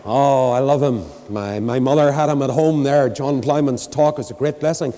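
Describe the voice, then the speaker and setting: A man's voice: medium pitch, normal speed, mellow, in a large hall. An older man with a Northern Irish accent, preaching in a folksy storytelling way and acting out the people in his tales. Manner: folksy storyteller doing voices. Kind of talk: storytelling sermon.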